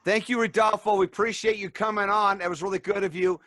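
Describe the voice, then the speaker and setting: A male host on a video call, friendly, moving briskly from one guest to the next. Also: high voice, fairly even intonation, fairly bright tone, no room sound, studio quality. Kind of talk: hosting a video call event.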